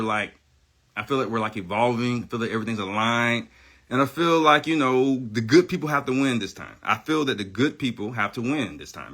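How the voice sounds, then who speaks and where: On a livestream, a man with a mid-range, sharp, breathy-edged voice goes on a rambling, profane rant. Emphatic and insistent, he keeps repeating himself.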